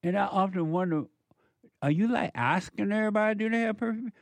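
A man's voice: high-pitched, fast talker, dry recording. A male counselor delivering a preachy monologue, firing off emphatic rhetorical questions in a scolding tone.

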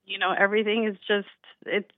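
A woman's voice: medium pitch, flat delivery, a little fast, dry recording. A woman calls in to a radio show, emotional and full of gratitude, with frequent giggles. Her voice comes through a tinny phone line with a dry sound. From California. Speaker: caller.

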